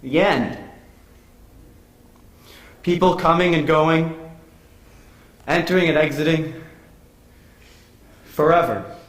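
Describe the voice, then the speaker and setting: A man performs a lonely, brooding actor musing to himself on stage. His slightly high voice unfolds slowly and wistfully, echoing in a large room with faint room noise. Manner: slow, musing, wistful delivery. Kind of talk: stage monologue. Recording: echoey stage recording.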